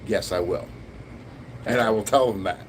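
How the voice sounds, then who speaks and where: A man's voice: lowish voice, moderate pace, a little hiss or hum. A man chatting bluntly and profanely while streaming a Lego build. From Canada. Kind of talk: casual live-stream chat.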